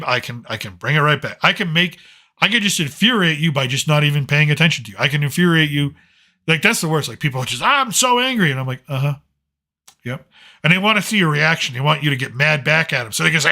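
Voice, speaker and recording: A man's voice: on the high side, pushed and bright. A middle-aged man with a Boston accent, hosting a live stream in a rambling, sardonic casual monologue full of restarts. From Boston, Massachusetts.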